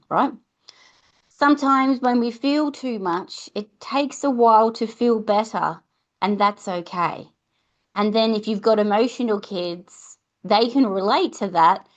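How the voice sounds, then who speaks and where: A chatty woman hosts a podcast and speaks in a mid-pitched voice. She sounds reassuring and sometimes acts out quick back-and-forths with a child. The recording is a little dull and lo-fi. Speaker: podcast host. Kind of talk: casual advice talk.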